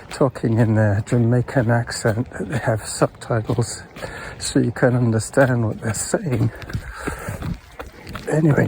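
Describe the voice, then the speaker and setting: Chatty man walking outdoors, slow talk. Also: mid-range voice, mellow. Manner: chatty, rambling, greets passers-by. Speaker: podcaster vlogging his morning walk. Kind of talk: casual walking monologue. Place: outdoors on a golf course trail. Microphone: chest-mounted camera. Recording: outdoor noise clearly behind him.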